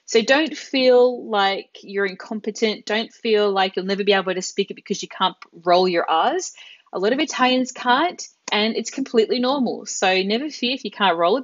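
A woman's voice: medium pitch, no room sound, lo-fi sound. Woman teaching Italian words. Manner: explanatory, drawing out example words slowly. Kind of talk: live online language lesson.

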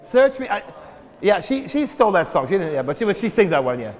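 A man preaching a sermon from the pulpit, breaking into shouted prayers and repeating his words as he builds. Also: high voice, sing-song, fast. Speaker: pastor. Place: church sanctuary at the pulpit. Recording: long reverb of a church hall.

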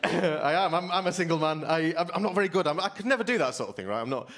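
A man's voice: fairly high pitch, lively intonation, fast, a bit bright. A young man doing stand-up on a live stage, self-deprecating and chatty, tripping over his words on the way to each punchline. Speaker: stand-up comedian. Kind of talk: stand-up comedy set. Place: live stage before a laughing audience. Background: audience laughter.

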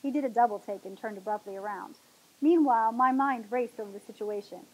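Woman, talk show host, novel reading, dramatic, husky, highish pitch. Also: brisk, a little mellow, rough recording.

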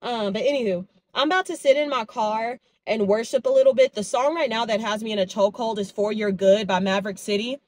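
Woman, twenties, casual vlog talk, chatty and animated, quoting conversations, phone camera. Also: on the high side, fairly quick, few pauses, no echo, studio quality. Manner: chatty, animated storytelling with quoted dialogue. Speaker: vlogger. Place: in her car and at home.

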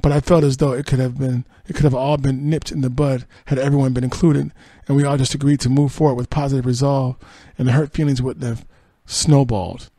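Gravelly, husky man reading celebrity news. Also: medium pitch, little pitch movement, fairly quick, hardly any pauses, dark tone, no echo. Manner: reads quotes then adds dry sarcastic asides and laughs. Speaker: podcast host. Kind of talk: reading entertainment news with asides.

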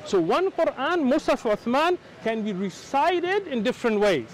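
An American man arguing religion out on a city street, his voice very high and swinging up and down as he presses his points. He keeps interrupting and talks over the other man, explaining at length in an insistent tone. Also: moderate pace, low-quality recording. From United States. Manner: insistent, interrupting, explaining with rising animated pitch. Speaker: Muslim street preacher. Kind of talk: heated street debate.

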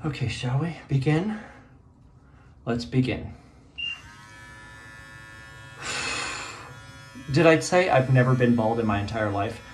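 Sitting in a bathtub in a small bathroom, a middle-aged male teacher talks casually to a phone propped nearby. His mid-range voice is slow with frequent pauses and a little hiss or hum, and he's nervous and rambling, exclaiming to himself.

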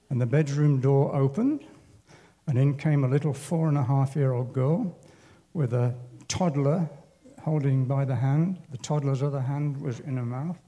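An older man telling a personal war story at a church service in a halting, unhurried, wry way. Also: medium pitch, dark tone. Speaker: church speaker. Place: church hall.

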